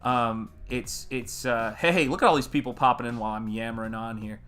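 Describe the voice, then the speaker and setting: American male stream host, rambling and friendly, bright tone, faint music under him. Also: medium pitch, moderate pace. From United States. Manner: rambling, chatty, greets viewers in chat. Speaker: artist livestream host. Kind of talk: casual livestream chat.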